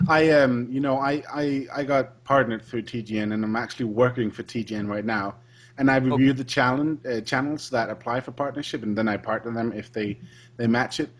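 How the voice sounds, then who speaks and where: Husky-voiced man, chatty podcast guest. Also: mid-range voice, a little fast. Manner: chatty, repeats words as he starts sentences. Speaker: guest, let's player. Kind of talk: casual podcast interview.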